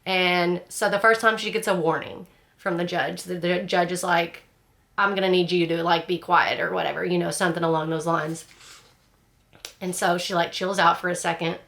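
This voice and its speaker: A woman's voice: lowish voice, little pitch movement, moderate pace, gravelly, fairly bright tone. A woman chatting casually about a book, rambling with lots of fillers and restarts in a frank, chatty way. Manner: frank and chatty, laughs at the story. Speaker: book club host.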